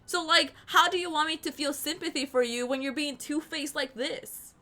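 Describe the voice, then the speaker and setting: A woman streaming a game, reading the story aloud and ranting loudly about the characters in an exasperated way. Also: high-pitched, fairly even intonation, normal speed. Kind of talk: game playthrough commentary and reading.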